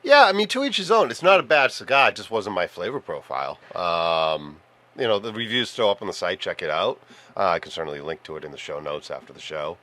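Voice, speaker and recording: Low, bright-toned man co-hosting a podcast. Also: very animated, a little fast. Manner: easygoing, hesitant with fillers. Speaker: podcast co-host. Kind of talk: casual chat.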